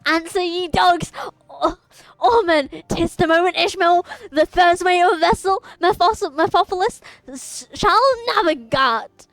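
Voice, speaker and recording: Grandiose sea captain, read by a woman, archaic and pompous, pitched high. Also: unhurried, a bit bright, no room sound, soft background music, full character voice. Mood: commanding. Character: grandiose old-fashioned ship captain, theatrical.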